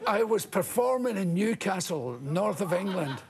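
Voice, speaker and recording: An older Scottish comedian telling animated, laughing anecdotes as a talk-show guest. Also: male voice, high voice, normal speed, noisy background. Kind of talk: storytelling talk-show interview.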